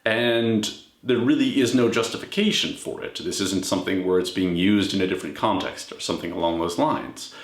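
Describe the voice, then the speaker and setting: A man delivering a scholarly lecture in a measured, explanatory way, often pausing to check in with his listeners. His voice sits fairly low. The room gives it a noticeable echo. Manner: measured explanatory delivery with frequent "all right?". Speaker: scholar of religion. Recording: echoey room.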